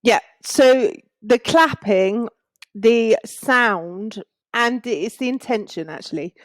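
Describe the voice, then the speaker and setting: A woman's voice: on the high side, takes it slowly, dry recording. Earnest woman explaining on a video call. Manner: earnest and explanatory, with small laughs. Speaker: guest, space clearing practitioner. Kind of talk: casual video call interview. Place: home in a village in Spain.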